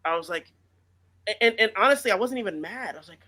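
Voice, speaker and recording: A man's voice: sits high, expressive, fast, pushed and bright. A man co-hosting a casual podcast about writing, talking earnestly and reflectively with many fillers. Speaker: author and podcast co-host.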